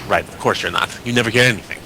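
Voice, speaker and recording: A man with a bright, forceful tone plays his character at the table, pausing and restarting his sentences as he goes. A faint hiss and rumble sit under the voice. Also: gravelly. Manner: hesitant, stumbling over words. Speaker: player.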